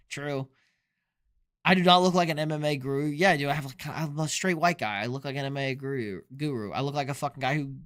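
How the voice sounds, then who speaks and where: A man's voice: on the high side, fairly bright tone, clear, resonant tone. A young man on a casual live sports stream, drinking beer and answering chat in a loose, profane way. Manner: loose, profane, reads chat questions aloud.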